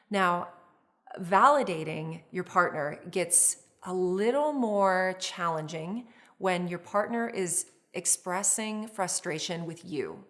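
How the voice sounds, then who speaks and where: A woman therapist teaching a course on relationships, speaking in a calm, measured, explanatory way with frequent small restarts. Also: on the low side. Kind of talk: instructional talk to camera.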